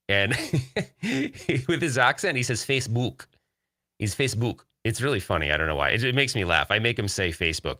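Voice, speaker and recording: Host type, guy, lower voice but bright and edgy, rambly live-stream chatter. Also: no room sound, studio quality. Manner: rambling, upbeat, reads viewer chat aloud. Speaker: podcast host. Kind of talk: casual live-stream chat.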